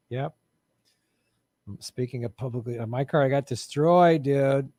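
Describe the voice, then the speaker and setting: A man's voice: medium pitch, moderate pace, warm tone, no echo, clean studio sound. Sarcastic man chatting on a live stream. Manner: sarcastic, joking, swears, laughs often. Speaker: comedian host answering live chat. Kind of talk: casual live-stream chat. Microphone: studio microphone.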